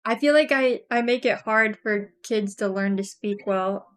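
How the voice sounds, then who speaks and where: A woman's voice: medium pitch, measured pace, smooth. A young woman streamer chatting casually while crafting, rambling with lots of fillers and frequent giggles.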